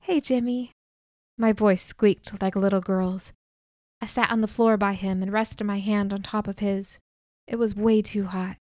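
A woman narrating a first-person audiobook in an even, clear storytelling manner on a close studio mic. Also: medium pitch, moderate pace, dry recording.

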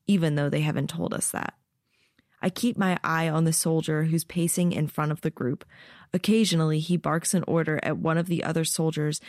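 Woman narrating an audiobook, lowish voice. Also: a little mellow, dry recording, studio quality. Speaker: audiobook narrator and podcast host.

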